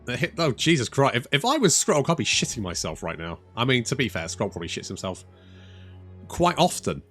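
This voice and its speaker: A man's voice: medium pitch, very animated, a little fast, a bit bright, husky, soft background music. A man giving casual, wry commentary over a strategy game, swearing freely and chatting to his units. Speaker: gaming channel host.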